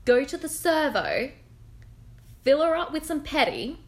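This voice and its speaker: A woman's voice: high voice, very animated, a little slow. A young Australian woman co-hosting a casual chat show, bubbly and teasing, laughing often. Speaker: podcast co-host.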